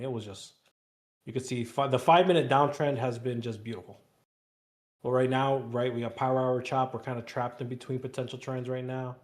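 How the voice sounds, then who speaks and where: Man, mid-pitched voice, live trading stream host, loose rambling chat, repeats words. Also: a little mellow.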